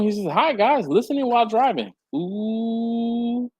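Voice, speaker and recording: Male livestream host, chatty and quick to laugh, very animated pitch, dry recording. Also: no echo. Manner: chatty, laughs often, lively swings in pitch. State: hot and sweaty. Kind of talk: casual livestream chat, reading viewer comments aloud. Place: warm home garage with a fan and air handler.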